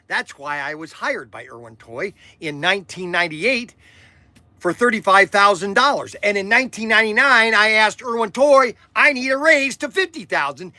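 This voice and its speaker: Sharp in tone and sitting high, this older podcast host's voice has lively intonation at a normal speed, with no room sound. He spins a long, rambling personal tale, repeating himself emphatically and sometimes growing emotional.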